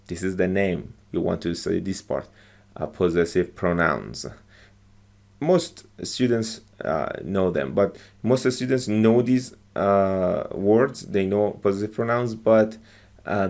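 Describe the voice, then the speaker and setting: A man explains English words and phrases from film clips in a slow, unhurried lesson. His voice sits on the lower side and carries a gravelly rasp. He speaks haltingly, with frequent fillers and restarts. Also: expressive, darkish tone. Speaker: English teacher.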